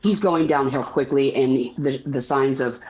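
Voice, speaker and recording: A woman's voice: very deep voice, measured pace, darkish tone. Blunt woman co-host on dull audio. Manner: blunt, dry one-liners. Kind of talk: casual political chat.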